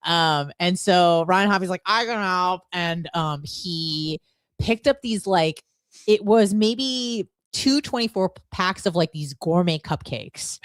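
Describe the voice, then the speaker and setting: A woman co-hosting a radio show, telling stories in an animated, profane way and laughing often. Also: lowish voice, takes it slowly, dry recording, clean studio sound. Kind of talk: casual radio chat. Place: radio studio.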